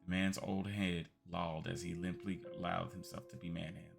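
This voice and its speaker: A man streaming, reading a text game aloud as a calm bedtime story with quiet asides. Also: sits low, brisk, gravelly, loud music behind the voice.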